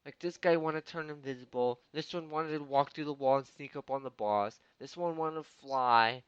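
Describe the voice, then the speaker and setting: A man's voice: on the high side, moderate pace, smooth, no room sound, dull audio. Exasperated ranting man, swearing nonstop. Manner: exasperated, swears constantly, swings from loud outbursts to muttering. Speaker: podcast host. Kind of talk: profane comedic rant.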